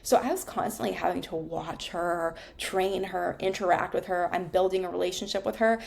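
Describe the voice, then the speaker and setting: A woman's voice: fairly low pitch, gravelly. A woman, frankly telling a personal story in a casual, conversational way and swearing now and then.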